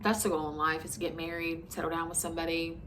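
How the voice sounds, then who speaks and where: Woman in her twenties, vlogger, candid storytime, bright tense tone, frank chatty delivery, faint hiss behind. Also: low-pitched, monotone, quick pace. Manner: frank and conversational, with many likes and ums.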